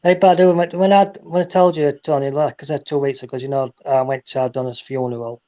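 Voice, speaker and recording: A man's voice: mid-range voice, fairly even intonation, fast, dark tone, dull audio. A man telling rambling jokes and stories in a casual chat, often restarting his sentences. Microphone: phone.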